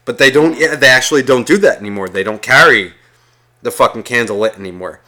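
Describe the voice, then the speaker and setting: A man with a bright, forceful voice tells a rambling story in casual chat. He swears constantly and slips into the voices of the people he quotes. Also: medium pitch, fast. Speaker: guest telling a story.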